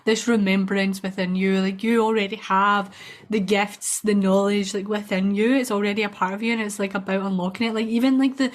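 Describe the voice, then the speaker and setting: Woman co-host, mid pitch, reflective casual chat. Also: fairly even intonation, a little fast. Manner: reflective, with many "like" fillers. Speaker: podcast co-host.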